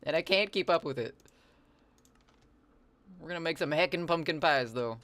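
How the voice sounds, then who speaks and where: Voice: medium pitch, expressive, normal speed, a bit bright. An adult game streamer chatting casually while playing, reading the chat aloud and answering it, with playful, rambling asides. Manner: playful wordplay and silly asides.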